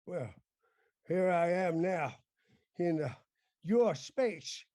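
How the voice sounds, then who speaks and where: A man's voice: sits high, lively intonation, very slow, mellow, no echo, exaggerated voice. A man improvising as a pompous older senator father, blustering and scolding. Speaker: improv stage actor. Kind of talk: improvised mock-Shakespearean stage acting.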